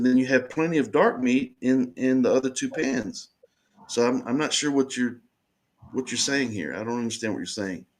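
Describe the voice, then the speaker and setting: A man tells his side of a run-in with earnest insistence. He circles back and repeats himself to drive each point home. His voice sits at an ordinary, middle pitch for a man. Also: fairly bright tone. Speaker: person recounting an incident. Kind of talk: first-person storytelling.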